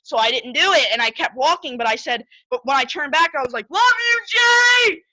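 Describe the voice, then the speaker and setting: A man telling an excited story as an interviewed concert fan, repeating words and acting out what he said. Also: very high-pitched, quick pace, no room sound, rough recording. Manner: breathless, repeats words, acts out his own quotes.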